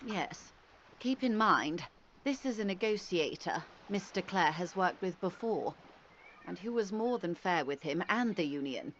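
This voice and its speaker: An actress playing a calm, curious, talkative company negotiator in a video game, speaking politely and evenly. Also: female voice, lowish voice, measured pace, highs cut off, a little hiss or hum.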